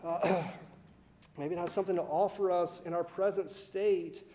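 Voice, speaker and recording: High-voiced pastor in an echoey room. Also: male voice, steady tone, measured pace, mellow. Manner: conversational, many fillers and restarts, light laughs. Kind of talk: casual sermon.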